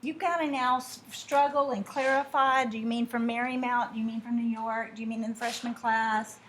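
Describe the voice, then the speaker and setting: A woman's voice: a little high, fairly even intonation, a bit bright, a little hiss or hum. Chatty teacher woman with a lilt. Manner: chatty, with drawn-out asides and mimicked dialogue. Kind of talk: classroom lesson. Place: classroom.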